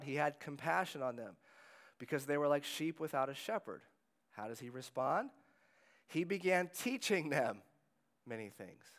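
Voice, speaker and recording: Conversational pastor, a man preaching. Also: on the high side. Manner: conversational preaching with soft trailing phrase ends. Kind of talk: sermon.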